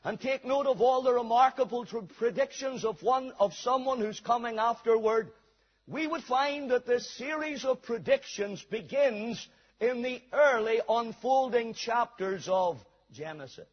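A man delivers a sermon in an unhurried, very high-pitched, husky voice, reading scripture aloud and then telling a story to his listeners. The sound is dull, recorded in a hall with long reverb.

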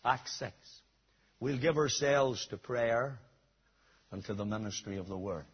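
A man preaching a sermon, emphatic, swinging from near shouts to a low, quiet delivery. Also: unhurried, slightly rough. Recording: dull lo-fi recording.

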